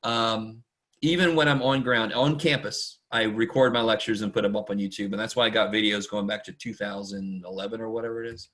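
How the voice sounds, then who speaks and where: A man with a fairly low voice gives a casual online math lecture. He rambles and chats with his students, often talks quickly, and pokes fun at himself. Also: fairly even intonation, a bit bright. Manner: chatty, rambling and self-deprecating; talks fast much of the time. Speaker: math instructor.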